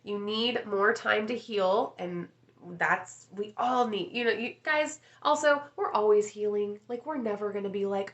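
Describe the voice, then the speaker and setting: A woman hosts a relaxed live coaching session, talking in a loose, rambling way and calling out viewers by name. Her voice is bright and forward, sitting at an ordinary middle pitch. She swears offhandedly as she chats. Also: measured pace, muffled recording. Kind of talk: casual live-stream chat.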